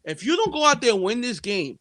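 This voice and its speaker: A man with a high, lively voice co-hosts a sports betting show in casual chat. He talks emphatically, circling back on his points and calling out to his listeners. The recording is dry and close. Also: fairly quick, no echo. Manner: emphatic, repetitive, addresses listeners as "people". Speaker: sports betting podcast co-host.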